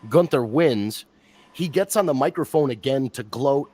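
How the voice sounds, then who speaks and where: A man's voice: mid-range voice, fast. Chatty man rambling about wrestling. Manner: rambling, animated, restarts sentences. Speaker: wrestling podcast co-host. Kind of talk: casual live-stream chat.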